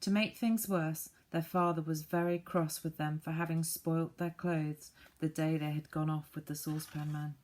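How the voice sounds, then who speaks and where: Low-voiced woman reading a storybook. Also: fairly even intonation, normal speed, hardly any pauses, a little mellow. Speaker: audiobook reader.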